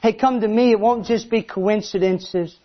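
A man preaching a sermon, animated, acting out the voices he quotes. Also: sits high, moderate pace, dull audio.

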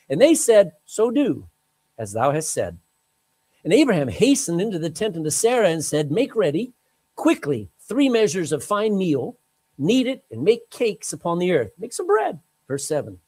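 Preacher guy w a high lively voice, reads the bible then jumps in w asides. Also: rough recording. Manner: animated, emphatic Bible reading with asides. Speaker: pastor. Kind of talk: sermon.

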